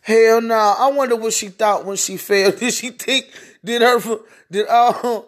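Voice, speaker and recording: Podcast host on a solo rant, slow drawl, cussing and cackling a lot. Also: mid-range voice, fairly even intonation. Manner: profane, mocking, laughing often.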